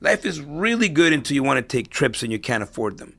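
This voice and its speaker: Middle-aged man with a gravelly voice. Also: medium pitch, very animated, fairly quick, a bit bright. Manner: storytelling, tags points with "right?". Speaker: interview guest, real estate investor. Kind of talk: casual conversational interview.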